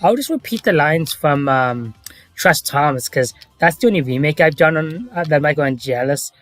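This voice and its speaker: A man's voice: on the high side, animated, normal speed, a bit bright, no echo. A man hosting a livestream, talking casually in a rambling, hesitant way. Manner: rambling, hesitant, with many restarts. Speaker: stream host.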